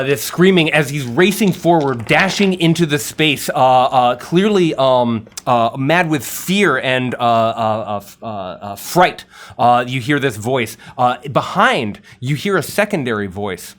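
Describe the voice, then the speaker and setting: A man's voice: medium pitch, expressive, a little slow, a bit bright. A man narrating a tabletop game as game master, descriptive and full of uh and um fillers.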